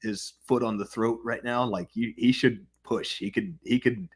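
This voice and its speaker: A man's voice: medium pitch, fairly even intonation, normal speed, breathy edge. A man co-hosting a podcast in casual banter, making dry, teasing jokes. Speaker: podcast co-host.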